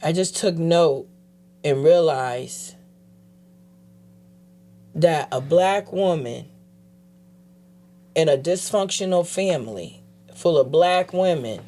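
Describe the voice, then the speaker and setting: A woman guest telling her personal story in a casual interview, animatedly acting out other people's voices and dropping quiet when she turns serious. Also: sits low, takes it slowly, long pauses. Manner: animated, acts out quoted voices. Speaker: guest, advocate.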